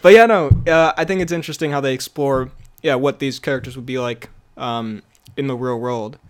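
A man's voice: medium pitch, brisk. A man co-hosting a casual podcast chat, rambling with lots of fillers and frequent laughter. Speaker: podcast co-host.

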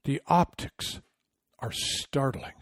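A man's voice: takes it slowly, dry recording, studio quality. Indignant, sarcastic middle-aged man. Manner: sarcastic, indignant, rising to loud outrage. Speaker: commentary host. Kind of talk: opinionated political commentary.

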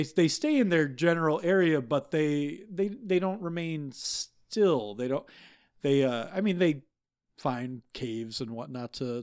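A man improvising as a made-up expert, halting and deadpan, with many restarts. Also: on the high side. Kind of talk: improv comedy podcast.

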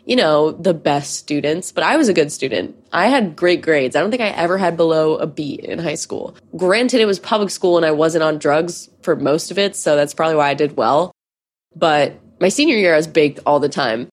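Twenties woman hosting a podcast, swears a lot, rambly casual storytelling, lower voice. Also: animated, moderate pace, husky. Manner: profane, candid, rambling. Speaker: podcast host.

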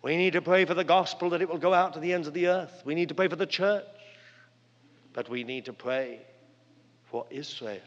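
Older male preacher, higher voice, earnest dramatic storytelling, long hall echo, muffled recording. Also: brisk. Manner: earnest, dramatic storytelling with wide swings of pitch and loudness. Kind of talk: sermon. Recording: long hall reverb, dull lo-fi sound.

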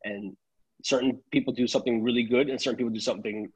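A man's voice: mid-range voice, steady tone, quick pace, a little mellow, breathy edge, low-quality recording. A man, a tailor chatting casually on a podcast, rambling and restarting his sentences.

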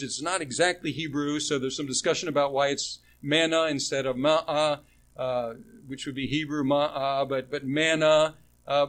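A man preaching a sermon in a conversational way, asking the congregation rhetorical questions and restarting phrases as he goes. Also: fairly high pitch. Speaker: pastor.

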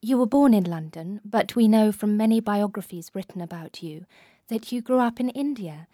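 Polite, measured female radio host, mellow voice. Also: medium pitch, no room sound, clean studio sound. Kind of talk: scripted radio interview.

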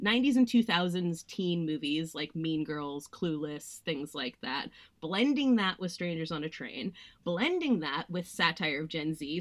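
A young woman co-hosting a podcast, chatting casually about films, with lots of "like" fillers and some sarcastic mocking. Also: fairly low pitch. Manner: chatty, frequent "like" fillers, sarcastic mock voices. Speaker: podcast co-host. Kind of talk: casual film review chat.

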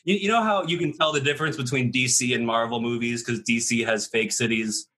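A man's voice: mid-range voice, a little fast, sharp tone, a little hiss or hum. A man casually telling a made-up movie plot to his co-hosts, rambling with many fillers and frequent laughs. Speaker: podcast host pitching a made-up movie. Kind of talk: casual comedic storytelling.

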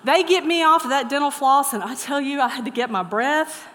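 A middle-aged woman preaching, her voice sitting a little high for a woman. She swings from animated storytelling into soft, earnest urging. Long reverb trails her words around a large hall. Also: fairly quick. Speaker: pastor. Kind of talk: sermon.

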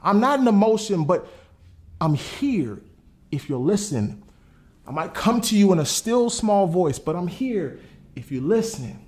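A man voicing God as a gentle, patient figure who speaks in calm, short, repeated phrases. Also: high voice, measured pace. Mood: coaxing.

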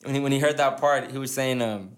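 A man's voice: medium pitch, fast talker, roomy sound. A man hosting a casual podcast, telling a rambling story full of restarts and laughter. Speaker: podcast host.

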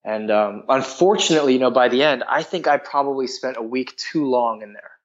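A man's voice: medium pitch, fairly quick, dull audio. A man telling a personal story in a frank, rambling way, full of filler words. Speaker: guest.

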